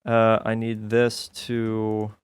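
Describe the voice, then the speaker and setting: A man's voice: lowish voice, completely flat delivery, very slow, clear, resonant tone, dry recording. Self-mocking man narrating his gameplay. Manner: self-mocking, thinking aloud, laughs at himself. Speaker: streamer playing a modded game. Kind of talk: casual gameplay commentary.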